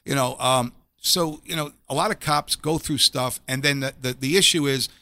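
Middle-aged man, gravelly voice, bright and sharp tone, earnest testimony, dry close sound. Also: mid-range voice, normal speed, dry recording. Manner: earnest, repeats phrases when he gets emotional. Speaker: interview guest, former police officer. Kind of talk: personal faith testimony.

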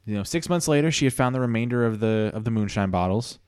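A man's voice: medium pitch, animated, quick pace, a little mellow, smooth, dry recording, clean studio sound. A man hosting a comedy podcast, telling a story in an easygoing, chatty way. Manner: easygoing, chatty, laughs often. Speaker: podcast host.

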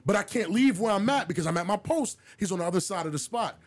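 A man co-hosting a podcast who tells a story in a casual, animated way, with plenty of swearing, and puts on the voices of the people in it. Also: high voice, fast. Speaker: podcast co-host.

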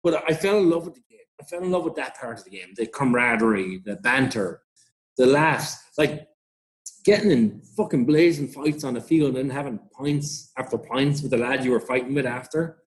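A man's voice: mid-range voice, animated, normal speed. A middle-aged Irish man telling rambling stories in a casual interview, swearing freely and laughing often. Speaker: interview guest, rugby club founder.

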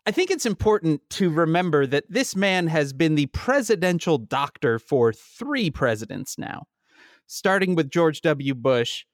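A man with a fairly high voice co-hosts a casual talk show, trading wry, rambling remarks full of restarts. He is recorded close and dry, with no room sound behind him. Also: animated, a little slow, no echo. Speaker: podcast co-host. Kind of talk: casual political chat.

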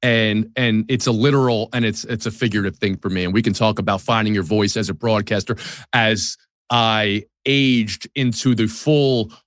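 A man's voice: on the low side, fairly even intonation, moderate pace, fairly bright tone, no echo, studio quality. A man in his forties from the New York area, a sports TV host talking candidly and self-deprecatingly in a podcast conversation.

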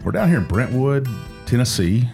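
A man's voice: medium pitch, very animated, normal speed, creaky, darkish tone, soft background music. A man with a Southern American accent, co-hosting a podcast in laid-back casual chat. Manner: laid-back, explains stories. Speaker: podcast co-host.

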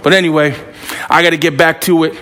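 Breathless boastful wrestling podcast host. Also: male voice, on the high side, fairly even intonation, fast talker, a bit bright. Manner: boastful hype-man delivery, street slang. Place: wrestling training gym.

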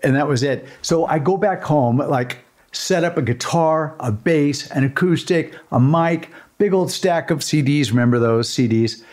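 A man, a guitarist, in casual chat, telling stories in a relaxed way. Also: a little high, normal speed, few pauses.

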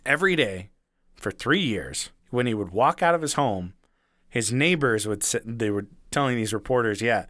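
A man's voice: mid-range voice, expressive, normal speed, a bit bright, no echo, studio quality. A man telling a rambling story in casual chat, chuckling now and then and swearing freely.

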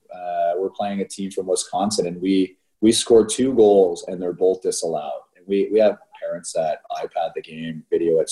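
Animated, low-voiced man telling stories. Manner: animated storyteller, laughs through anecdotes, frequent "right?". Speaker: youth hockey coach, podcast co-host. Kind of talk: casual storytelling chat.

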